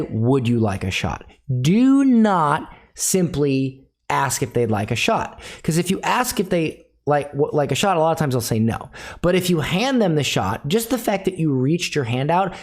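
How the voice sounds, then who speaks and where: Middle-aged guy teaching sales, blunt and direct, keeps repeating his main line. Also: on the high side. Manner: direct, repeats key phrases for emphasis. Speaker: sales coach.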